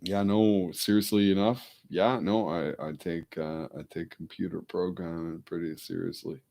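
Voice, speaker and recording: A man's voice: deep voice, steady tone, normal speed, creaky, dark tone. A man vlogging casually to camera, rambling off-the-cuff and drifting into mumbled asides. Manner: rambling, talks to his dog in a coaxing voice.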